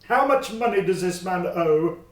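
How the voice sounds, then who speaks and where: A man's voice: high voice, animated, measured pace, echoey room, recorded from a distance, pitched above the performer's own voice. A man doing a grand, kindly king. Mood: generous. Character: kindly, generous old king.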